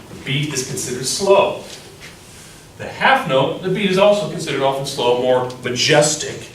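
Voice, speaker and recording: A man's voice: medium pitch, a little hiss or hum. A male music teacher explaining rhythm, often chanting beats aloud as syllables. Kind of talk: classroom lecture. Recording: echoey room from far off.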